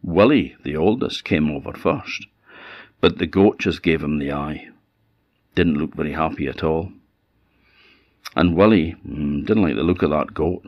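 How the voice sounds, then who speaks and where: Deep-voiced Orkney storyteller. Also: male voice, a little slow, pauses often, no room sound, muffled recording. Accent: Orcadian Scottish. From Orkney, Scotland. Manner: conversational, lively telling. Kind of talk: oral folk storytelling.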